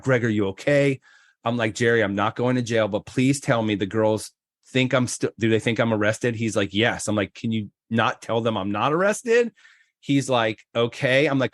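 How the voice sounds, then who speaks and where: This podcast guest, a middle-aged man from Florida, spins a lively tale, voicing the other people in it with sudden high-pitched impressions. The sound is clean studio audio without any room noise.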